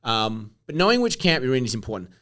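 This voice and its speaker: A middle-aged man hosting a casual solo podcast, blunt and animated, swearing casually as he coaches listeners. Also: medium pitch, quick pace. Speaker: podcast host.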